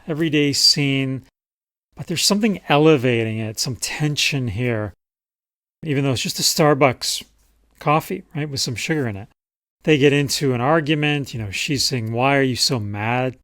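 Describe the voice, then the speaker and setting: A man's voice: fairly high pitch, moderate pace, fairly bright tone, no room sound, clean studio sound. A man talking casually as a writing coach, explaining memoir writing and reading passages from a client's work. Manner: conversational, reads passages aloud from a client's memoir. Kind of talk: casual teaching talk.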